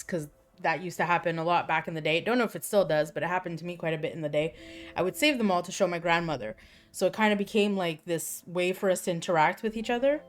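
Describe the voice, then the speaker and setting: A young adult woman streamer in casual chat, telling crude, candid stories in a rambling way. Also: lowish voice.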